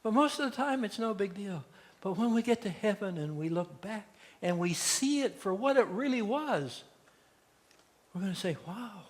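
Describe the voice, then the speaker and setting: A pastor delivers a sermon in a church sanctuary, his voice high and expressive at an ordinary speed. He spins folksy stories and acts out the quotes within them. The hall's long reverb rings through the recording.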